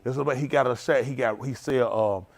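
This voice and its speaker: A man, a pastor telling food stories to his livestream with laughter and excitement. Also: medium pitch, brisk, vocal fry. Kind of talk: casual livestream storytelling.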